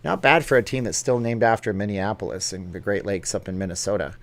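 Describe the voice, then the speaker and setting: A man's voice: lowish voice, fast. A man hosting a casual livestream vlog, chatting in an upbeat way and jumping between topics as he reads viewer comments. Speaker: YouTube vlog host.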